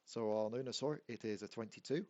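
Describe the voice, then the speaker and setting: A man's voice: mid-range voice, brisk, darkish tone, muffled recording. A man running a tabletop game as dungeon master, counting out dice rolls and reading rules, often laughing.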